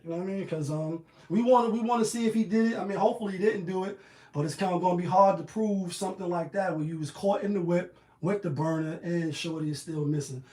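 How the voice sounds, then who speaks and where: A man giving casual commentary on the news in a slangy, animated, riffing manner. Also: high-pitched, roomy sound.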